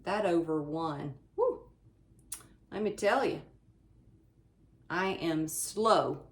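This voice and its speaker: Indoors at home with a fan going, a cross-stitch channel host chats casually as she presents her completed pieces. Her voice leans to the low side, she fills pauses with frequent ums, and she speaks to her audience as "you all."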